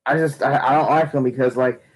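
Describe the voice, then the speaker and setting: A man's voice: medium pitch, fairly even intonation, brisk, low-quality recording. Rambling young man. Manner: rambling, frequent fillers and restarts. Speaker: wrestling streamer. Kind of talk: casual opinion rant.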